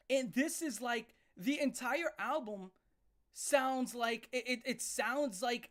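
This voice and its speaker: A woman with a voice that sits a little high delivers a profane live rant. She is blunt and emphatic, stumbling into restarts and hammering the same point again and again. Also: animated, unhurried. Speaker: music reviewer ranting on a live stream.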